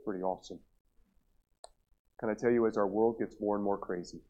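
A man's voice: on the low side, fairly quick, dark tone. A middle-aged male pastor preaching a revival sermon, telling a story with many repeated restarts. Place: church revival service. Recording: dull lo-fi sound.

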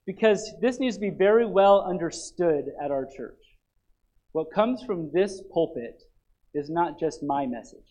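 High-voiced man preaching a lively sermon. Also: measured pace, poor audio. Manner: animated, emphatic preaching with frequent restarts. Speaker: pastor. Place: church.

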